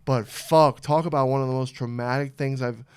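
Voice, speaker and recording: A young man hosting a podcast, telling a story in a lively, animated way, swearing often and acting out what people said. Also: mid-range voice, normal speed, smooth. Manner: animated, swearing, acts out quotes. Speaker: podcast host. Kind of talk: casual storytelling chat.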